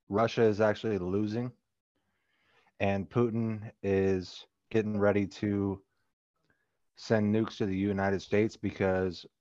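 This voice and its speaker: Low-voiced man on a dull headset. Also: darkish tone, no room sound. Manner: laughs often, swears a lot. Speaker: podcast guest. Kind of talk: crude casual podcast banter. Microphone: headset on an online call. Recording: dry, slightly dull headset audio.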